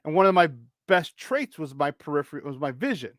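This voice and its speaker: A man with a high voice tells a story on a morning sports show, acting out each person he meets. He restarts sentences often and swears without a second thought. The sound is dry and close, with no room around him. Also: a little fast, no echo. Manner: animated, acts out the people in his story; swears casually, many restarts. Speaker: sports talk show co-host.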